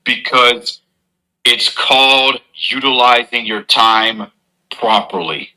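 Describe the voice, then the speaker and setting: A man's voice: medium pitch, pushed and bright, low-quality recording. A man delivering an earnest, moralizing advice monologue to his audience as a streamer.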